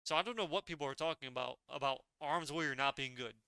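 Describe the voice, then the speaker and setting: A man's voice: medium pitch, fast, creaky, sharp tone, smooth, dry recording. A young man giving casual, blunt and opinionated tier-list commentary as a gaming video creator.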